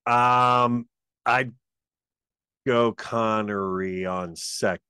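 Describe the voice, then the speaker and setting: A man in a casual chat, easygoing and a bit hesitant, often pausing with fillers. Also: medium pitch, fairly even intonation, sharp tone, clean tone, dry recording, studio quality.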